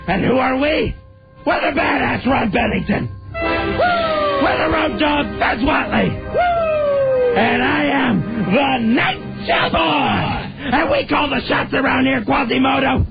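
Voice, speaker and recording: A radio co-host doing an impression of a brash, shouting wrestler cutting a promo, full of "Woo!" yells. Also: male voice, very high-pitched, huge pitch swings, takes it slowly, gravelly, heavily acted. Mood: boastful. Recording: dull lo-fi radio broadcast with music.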